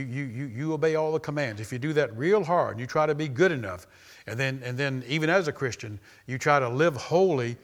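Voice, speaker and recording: Bright-voiced man preaching emphatically. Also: medium pitch. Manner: emphatic, builds to loud exclamations, repeats phrases for stress. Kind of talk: sermon.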